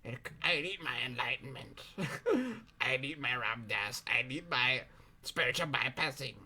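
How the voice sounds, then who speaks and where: A man voicing a doubting inner part of himself that pleads and clings to spiritual ideas, in a low, whiny tone. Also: animated, unhurried, bright, forceful tone, slightly rough, heavily acted. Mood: pleading.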